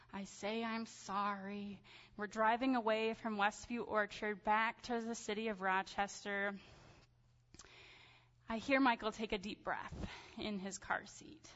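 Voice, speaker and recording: Woman, thirties, sermon storytelling, animated and chatty, long hall reverb, muffled sound. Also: a little high. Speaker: speaker telling a personal story.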